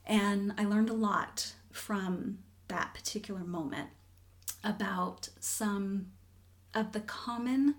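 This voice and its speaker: A woman in her forties, a guest telling her own story in conversation. She speaks candidly and earnestly, often dropping to a hushed near-whisper to stress a point. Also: medium pitch.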